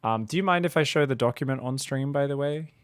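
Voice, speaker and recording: Over a voice call, a man with a clean, mid-range voice coaches a strategy game in a casual stream chat, talking fast. He laughs often and swears now and then.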